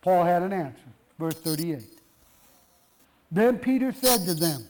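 High-voiced preacher asking rhetorical questions. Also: male voice, animated, a little slow, noisy background. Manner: rhetorical questions, emphatic repetition. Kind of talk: sermon.

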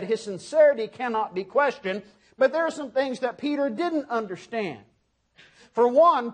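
A man preaching a sermon, speaking emphatically and putting rhetorical questions to his listeners. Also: very high voice.

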